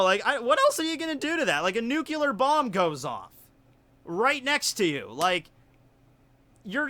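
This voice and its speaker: A man with a Southern US accent, telling a story in casual livestream chat, rambling and animated with lots of fillers. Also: extremely high pitch. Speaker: YouTuber hosting a livestream.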